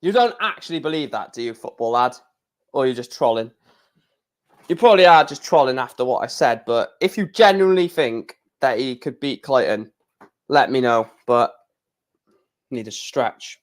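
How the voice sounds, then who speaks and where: A man hosting a casual darts watch-along stream, chatting to viewers between louder score calls. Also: mid-range voice, expressive, normal speed. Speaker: live-stream host.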